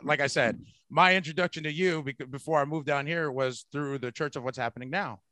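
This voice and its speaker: A man hosting a podcast in casual chat, rambling and profane, laughing loudly. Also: a little high, fairly quick, no room sound. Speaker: podcast host.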